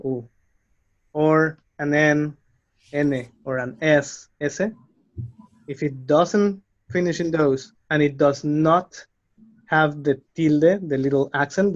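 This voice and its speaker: A man teaches slowly and patiently, pausing to spell out letters and list examples. His voice sits a bit high for a man. The recording is slightly dull and lo-fi. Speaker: Spanish teacher. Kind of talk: slow explanatory lesson.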